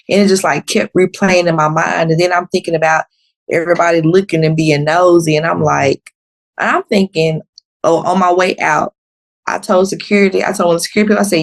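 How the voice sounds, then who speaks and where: A woman in her thirties, a podcast guest, telling a story in a blunt, unfiltered way and acting out the quotes with big jumps in pitch. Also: vocal fry. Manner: animated, acts out quotes with sharp pitch jumps. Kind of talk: casual storytelling.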